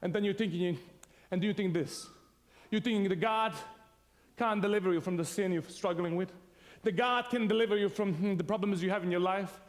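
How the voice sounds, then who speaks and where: High-voiced preacher in a reverberant hall. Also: male voice, brisk. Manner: animated storyteller, laughs often, acts out sounds and voices. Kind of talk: sermon with a humorous personal story.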